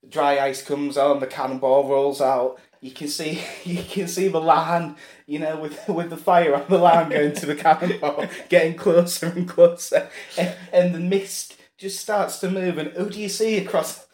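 A man's voice: fairly high pitch, normal speed, roomy sound. Giggling man telling daft stories. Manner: giggly, acts out a showman and excited kids in his stories. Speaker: podcast co-host. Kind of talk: comedic storytelling chat.

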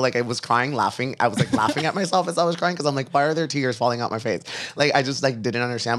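A man who works as a fitness instructor, chatting casually in an interview, full of fillers and quick laughs. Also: fairly low pitch.

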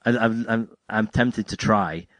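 A man's voice: on the low side, unhurried, fairly bright tone, no room sound. A man hosting a podcast, chatting casually about music in a rambling, jokey way that keeps breaking off and restarting. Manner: rambling, self-interrupting, jokey. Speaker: podcast host.

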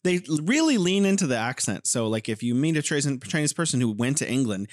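A middle-aged man from California, co-hosting a casual chat, relaxed and asking questions. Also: mid-range voice, fairly quick, no room sound, clean studio sound. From California, USA. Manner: relaxed, asks questions, many listening noises. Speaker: co-host.

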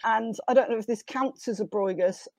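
A woman's voice: on the high side, a little fast, darkish tone, dry recording. A woman with a slight London accent, a guest telling self-deprecating family stories in casual chat. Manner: anecdotal, self-deprecating, quotes relatives in put-on voices.

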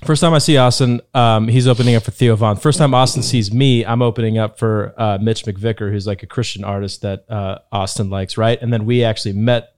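A man, a comedian co-host, chatting casually on a podcast, quick to laugh and react. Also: lowish voice, steady tone, clear, resonant tone.

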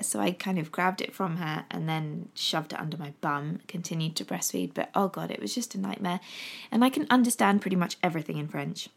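An English woman in her thirties rambles chattily to camera in a casual vlog, often pausing with "um." Her voice is a little low with a gravelly fry.

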